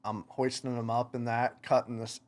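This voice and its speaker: A young man, a podcast guest, telling stories in casual chat, animated, laughing and acting out what people said. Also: mid-range voice, moderate pace. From United States. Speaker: podcast guest, motocross racer. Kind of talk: casual storytelling.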